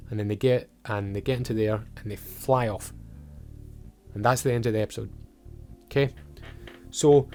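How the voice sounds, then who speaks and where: A man casually recapping a TV episode and acting out the characters' lines, swearing and animated. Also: medium pitch. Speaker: video reviewer. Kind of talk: casual recap with acted-out quotes.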